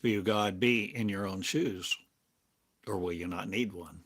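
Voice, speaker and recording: An older man delivers a meditative spiritual talk in a low, husky voice. He lingers on each short phrase and leaves long pauses between them. The pace stays unhurried throughout. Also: a bit bright. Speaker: spiritual teacher. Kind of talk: slow meditative spiritual monologue. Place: home in a small town, drinking coffee.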